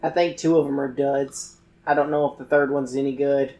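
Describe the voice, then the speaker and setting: A game player voicing a laid-back young male dragon in a low, mellow way. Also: flat delivery, normal speed, lightly acted. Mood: easygoing.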